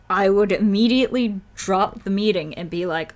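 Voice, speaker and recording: A woman's voice: medium pitch, moderate pace, few pauses, a little mellow. A woman streamer reading a story game aloud and commenting in a chatty way, with lots of fillers.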